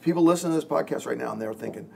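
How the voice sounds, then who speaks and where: A male pastor in a podcast chat, his voice gravelly with a bit of vocal fry. He tells stories earnestly and drops his voice to act out quoted lines. A faint hum sits behind him. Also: fairly high pitch, very fast, dark tone. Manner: earnest, storytelling, acts out quoted lines with dropping voice. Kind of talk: podcast discussion among pastors.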